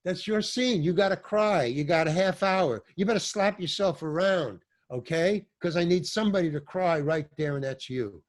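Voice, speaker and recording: A man's voice: high-pitched, moderate pace, few pauses, natural voice. A man voicing a brusque older film director who gives blunt, profane orders. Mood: commanding.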